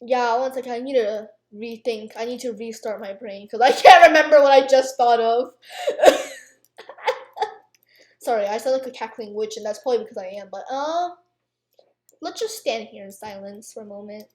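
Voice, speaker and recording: A teen girl narrates her gameplay for her YouTube channel in a rambling, self-mocking rant loaded with fillers. Her voice is a little high and fairly quick, with a reverberant sound.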